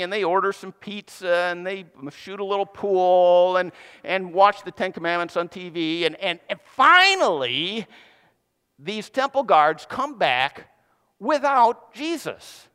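A pastor retells a scripture story in his sermon, keeping it casual and conversational with playful asides. His high voice is animated yet unhurried, pushed and bright, clean-toned, with long hall reverb.

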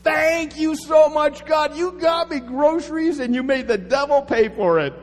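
A man's voice: very high-pitched, monotone, moderate pace, long reverb tail, faint music behind, pitched above the performer's own voice. A man voicing a poor, devout old woman who bursts into squealing, exuberant praise. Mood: joyful praise.

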